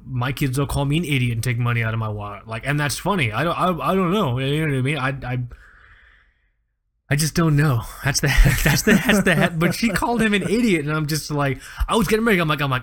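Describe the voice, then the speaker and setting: A man's voice: mid-range voice, fairly quick. A man in his thirties co-hosting a podcast, telling exaggerated, profane stories in a casual comedic chat. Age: 30s. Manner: animated storytelling, profane, exaggerated. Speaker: podcast co-host.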